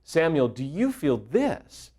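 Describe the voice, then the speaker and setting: A man quoting a calm, firm male therapist. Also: fairly high pitch, slow pace, husky, heavily acted. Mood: firm, gentle.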